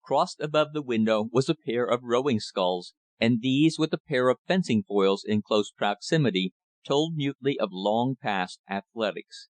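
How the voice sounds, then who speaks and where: A man reading an audiobook as narrator in a measured, steady manner. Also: mid-range voice, dry recording.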